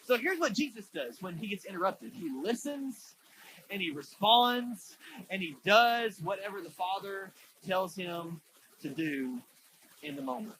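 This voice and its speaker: Guy pastor preaching in church, bright voice, chatty storytelling with lots of fillers. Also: high voice, sing-song, unhurried, a little hiss or hum, poor audio. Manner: casual storytelling with many fillers. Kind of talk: sermon.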